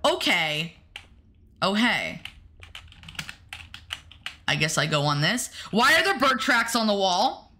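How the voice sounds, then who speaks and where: A woman's voice: mid-range voice, big pitch swings, takes it slowly, long pauses, pushed and bright, slight background noise. A woman streamer playing a horror game, chatting to her viewers and yelping when startled. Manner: jumpy, talks to the chat and the game, yelps when startled. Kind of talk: casual gameplay commentary to chat.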